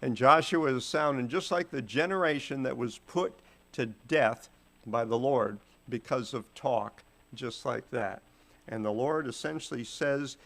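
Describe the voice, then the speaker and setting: A man's voice: medium pitch, unhurried, creaky, a bit bright. A man teaching a Bible study, retelling scripture in casual, modern phrasing.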